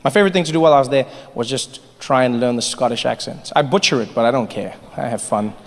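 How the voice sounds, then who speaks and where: A South African stand-up comedian on a large hall's stage tells stories animatedly and slips into voices during his set. He talks fast at a mid-range pitch, and the hall is reverberant with faint ambience.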